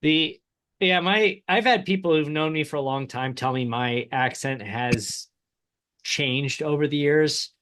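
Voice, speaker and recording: A man in his thirties from Indiana with a Midwestern accent, co-hosting a casual podcast chat in an animated, chatty way, laughing often. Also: a little high, a little slow. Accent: Midwestern American. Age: 30s. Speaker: podcast co-host.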